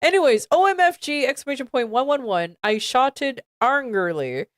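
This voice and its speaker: Exasperated woman reading aloud, lively pitch. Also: normal speed, no echo, clean studio sound. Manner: stumbles over misspelled words, exasperated asides. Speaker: streamer. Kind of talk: reading a fan fiction aloud with commentary.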